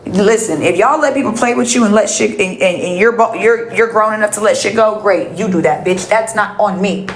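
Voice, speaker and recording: A woman's voice: medium pitch, a little fast, few pauses, echoey room, a little hiss or hum, rough recording. Profane, heated woman ranting on a livestream. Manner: profane, confrontational, repeats herself. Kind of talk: heated live-stream rant to chat.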